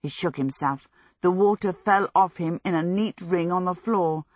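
The narrator is a woman whose voice leans low, reading an audiobook in an even, measured way. It's a dry recording with studio quality.

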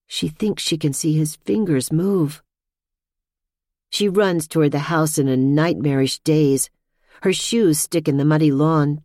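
A woman reading a suspense novel aloud in a tense, measured narration. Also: deep voice, dark tone, no room sound, clean studio sound. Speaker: audiobook narrator. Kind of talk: scripted narration.

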